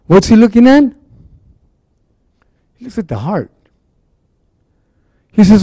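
A man with a fairly high, mellow voice preaches in a loose, folksy way. He leans on fillers and restarts as he talks to his congregation. The sound is dry and close. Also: sing-song, slow pace, no echo. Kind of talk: casual conversational sermon.

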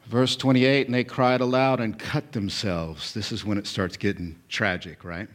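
A man in his forties preaching a sermon as pastor, swinging from loud bursts to hushed whispers. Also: lowish voice, fairly even intonation, moderate pace. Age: 40s.

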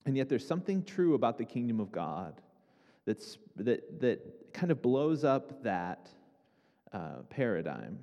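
A man preaching a sermon in a relaxed, conversational way, often turning to the listeners with questions. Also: medium pitch, measured pace, vocal fry, long reverb tail, lo-fi sound. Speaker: pastor.

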